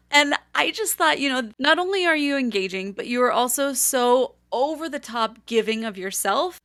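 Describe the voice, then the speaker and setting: A young woman chatting to camera, telling stories in a lively way and acting out what people said. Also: fairly high pitch, dry recording, studio quality. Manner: chatty, animated, acts out quotes. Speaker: vlogger. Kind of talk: casual storytelling to camera.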